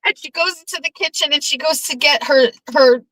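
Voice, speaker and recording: Woman host, casual monologue, lively storyteller who acts out lines, crisp and forceful tone. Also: sits high, brisk, dry recording, rough recording. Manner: animated storyteller who acts out quoted lines, blunt and profane. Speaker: podcast host.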